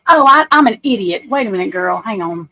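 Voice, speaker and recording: A woman's voice: mid-range voice, animated, brisk, pushed and bright, rough recording. A woman, hosting a casual livestream at home, chatty and self-deprecating, talking to viewers and her computer. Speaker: livestream host.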